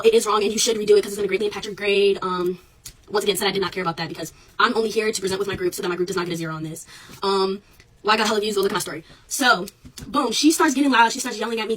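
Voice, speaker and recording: A young woman telling her own story into a phone camera, rapid and emphatic, her voice rising as she relives the argument. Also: medium pitch, a bit bright, far from the mic, a little hiss or hum, poor audio. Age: young adult. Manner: rapid, emphatic, raises voice when reliving the clash. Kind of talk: casual social media recording.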